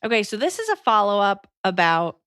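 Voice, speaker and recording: A woman's voice: mid-range voice, big pitch swings, brisk, fairly bright tone, smooth, no echo, clean studio sound. A woman co-hosting a podcast in casual chat, reading listener letters aloud. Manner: easygoing, reads letters aloud.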